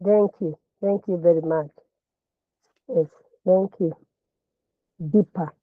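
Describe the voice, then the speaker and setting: A woman's voice: lowish voice, slow pace, dry recording. A woman lecturer teaching a counselling class, explaining at length and often repeating words and restarting phrases. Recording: tinny phone-like line.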